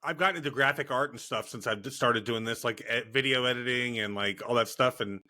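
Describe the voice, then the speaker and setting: A man's voice: mid-range voice, a little fast, pushed and bright. A man co-hosting a podcast, joking crudely in casual chat.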